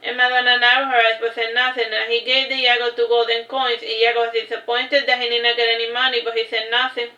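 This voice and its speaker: A woman's voice: on the high side, level tone, quick pace, hardly any pauses, bright, forceful tone, roomy sound, muffled recording. A woman reading her own novel aloud in a casual way, breaking off with chatty asides and restarting lines. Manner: loose, with restarts and chatty side remarks.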